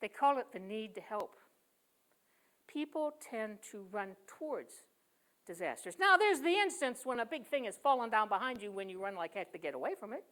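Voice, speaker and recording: A woman poet giving a sermon at a church service. She tells stories emphatically, swinging from loud to hushed and leaning on rhythmic repetition. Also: fairly high pitch, lively intonation, normal speed. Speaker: guest speaker and poet.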